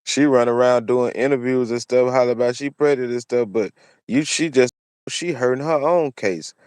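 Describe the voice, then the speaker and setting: This male commentary host has a clear, resonant, darkish mid-range voice and talks at normal speed. Delivering opinionated solo commentary, he hammers the same points over and over in a preachy manner, captured in studio quality with no room sound.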